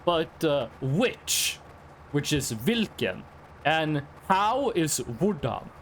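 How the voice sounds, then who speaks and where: High, lively young Norwegian man. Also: extremely slow, slight background noise. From Norway. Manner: rambling, chatty, talks straight to chat. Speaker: streamer. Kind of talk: casual live-stream chat while gaming.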